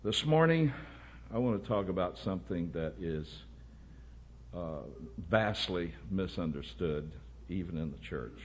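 Preacher guy, real low voice, gets loud and punchy. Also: animated, a little slow, slight background noise. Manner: emphatic, rising to loud bursts. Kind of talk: sermon.

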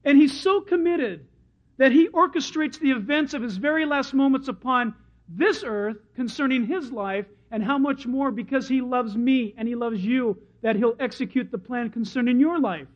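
A male pastor delivers a sermon at normal speed in a high, lifted voice, telling stories with animation and acting out the crowd. The recording sounds dull and lo-fi.

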